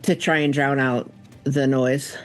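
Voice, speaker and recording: A man's voice: mid-range voice, fairly even intonation, a little slow, fairly bright tone, faint music behind. A man playing a tabletop horror game, hesitantly describing his character's panic with many fillers. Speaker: player. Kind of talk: casual tabletop role-play.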